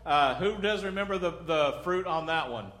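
A middle-aged pastor preaching a sermon in a loose, conversational way, joking, acting out little scenes and asking the congregation questions. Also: male voice, a little high, animated, moderate pace, fairly bright tone. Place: church sanctuary. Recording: echoey church hall.

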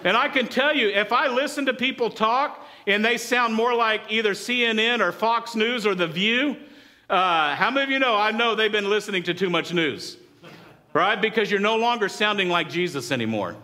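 A man's voice: sits high, moderate pace. A middle-aged man preaching a sermon in a church, telling stories and asking the congregation for responses. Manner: lively storytelling, asks the congregation for responses. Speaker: pastor.

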